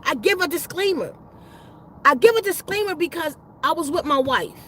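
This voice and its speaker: High-voiced woman, casual storyteller, loose and profane, circles back mid-sentence. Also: animated, normal speed, sharp tone, slight background noise, low-quality recording. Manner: rambling and profane, with restarts and slang. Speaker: spiritual vlogger.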